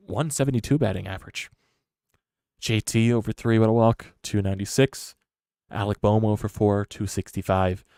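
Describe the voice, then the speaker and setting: A man with a low voice rants to his live-stream viewers. He swings between loud frustrated outbursts and low muttering. The recording is dry and close, with no room sound. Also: vocal fry, no echo. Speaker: sports fan streamer. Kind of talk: live-stream sports rant.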